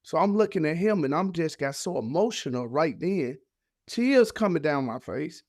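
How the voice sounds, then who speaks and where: A man's voice: on the high side, expressive, moderate pace, a little mellow, no room sound, clean studio sound. A man, a podcast guest, telling an emotional personal story in casual, heartfelt speech. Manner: casual, heartfelt, acts out voices of family in his story.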